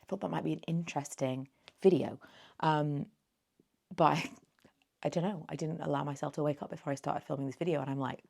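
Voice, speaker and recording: A woman near forty talks through her thrift haul in a loose, rambling vlog chat. Her voice sits low and has a gravelly fry, and her words run a little slurred, like she has only just woken up. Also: steady tone, brisk, darkish tone. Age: late 30s. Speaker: beauty vlogger.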